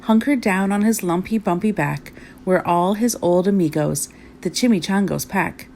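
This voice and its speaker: A woman reading a children's storybook aloud with lively, expressive narration. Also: fairly low pitch, moderate pace, vocal fry, slight background noise. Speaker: storybook reader.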